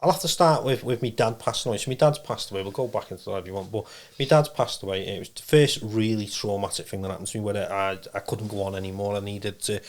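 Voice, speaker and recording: A man's voice: lowish voice, fast, hardly any pauses. A man, a trance medium guest, telling a rambling personal story in a casual interview. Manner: rambling, animated storytelling with acted-out quotes.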